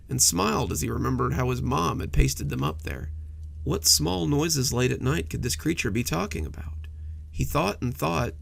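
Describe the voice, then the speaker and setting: Gravelly, animated male horror narrator. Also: medium pitch. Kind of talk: scripted storytelling narration.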